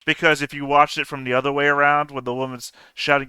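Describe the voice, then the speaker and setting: A man chatting casually with fellow tabletop players, animated and profane, laughing as he rants. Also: a little high, quick pace, few pauses, clean tone, no echo. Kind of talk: casual chat between game sessions.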